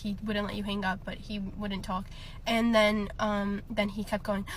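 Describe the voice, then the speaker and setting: Young woman, casual storytime, chatty, laughing, filler-heavy, bright tone. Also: medium pitch, slight background noise.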